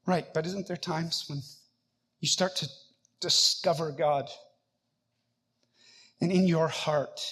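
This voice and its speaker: A man's voice: on the high side, fairly even intonation, takes it slowly, long pauses, fairly bright tone, slightly rough. A man preaching a sermon, earnest and conversational, acting out scripture passages with feeling. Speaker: pastor.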